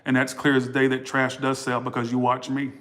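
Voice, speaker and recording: A man talks his way through a tarot reading in a loose, rambling way. He curses freely, stops to correct himself and drifts off track. His pitch sits right in the middle for a man. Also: monotone, brisk, a bit bright. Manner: blunt, profane, rambling and self-interrupting. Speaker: tarot reader.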